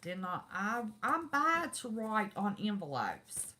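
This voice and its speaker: Speaking slowly in a mid-range voice that sounds pushed and bright, this livestream host lets her pitch swoop wildly. She's a middle-aged woman from West Virginia having a folksy, casual chat with viewers.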